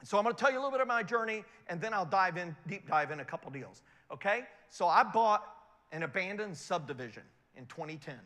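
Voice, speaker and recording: A middle-aged man giving a motivational talk to an audience, an animated storyteller who keeps asking whether his points make sense. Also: high voice, fast talker, in a large hall. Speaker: investment speaker.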